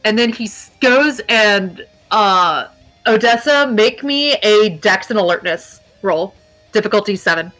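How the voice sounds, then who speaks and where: A woman's voice: mid-range voice, expressive, measured pace, a bit bright, faint music behind, rough recording. A woman narrating as game master, casual and chatty, with plenty of fillers. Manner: casual, filler-heavy narration with dog noises.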